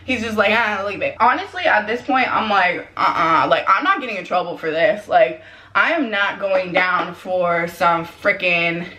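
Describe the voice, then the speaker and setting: A young woman telling a personal story in a casual, animated way, slipping into quick voices for the people she quotes. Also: medium pitch. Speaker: vlogger. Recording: echoey room.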